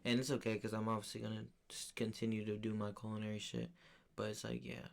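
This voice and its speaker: A man's voice: on the low side, little pitch movement, quick pace, gravelly. A young man co-hosting a podcast and telling a story in a slangy, profane, rambling way. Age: young adult. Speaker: podcast co-host. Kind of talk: casual storytelling chat.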